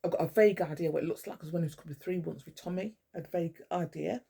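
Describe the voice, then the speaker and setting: A woman's voice: on the low side, very fast, creaky, mellow, husky. A woman, talking to the camera in a blunt, rambling monologue full of swearing. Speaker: vlogger. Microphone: camera mic.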